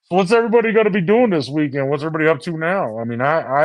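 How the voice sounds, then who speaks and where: A man's voice: a little high, very fast, no echo. A man from the US chatting casually to his viewers on a phone, swearing constantly and restarting his sentences. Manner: heavy swearing, restarts and repeated words. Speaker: streamer talking to viewers. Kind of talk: casual rambling chat.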